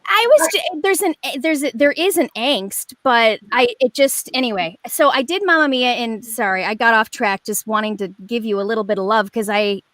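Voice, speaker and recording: A woman in her forties, a guest performer telling a story in a rambling, animated way with lots of fillers over a video call. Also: a little high, normal speed, hardly any pauses, dry recording. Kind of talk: casual chat.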